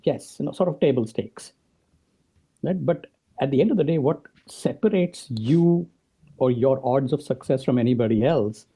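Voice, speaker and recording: A man with a very dark, mellow voice and a husky edge talks through his ideas as a podcast guest. He explains things at length and keeps tagging his points with a quick "right?" to bring the listener along. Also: mid-range voice, animated. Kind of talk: conversational interview answers.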